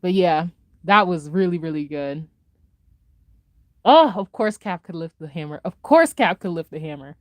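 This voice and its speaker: A woman vlogger in a casual reaction chat, gushing and excitable, laughing often and swinging between loud highs and soft mutters. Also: moderate pace, long pauses, dry recording.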